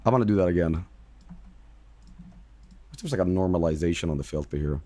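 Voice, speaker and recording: Man streaming, emphatic, repeats himself, swears, lively pitch, dry close mic. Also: a little fast, no room sound. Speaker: streamer and voice actor. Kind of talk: casual livestream chat.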